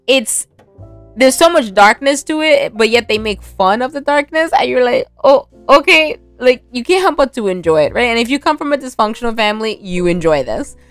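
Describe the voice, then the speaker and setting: A woman's voice: a little high, expressive, a little fast, soft background music. A woman casually recapping a film, rambling with many fillers and frequent laughter. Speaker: movie recap vlogger.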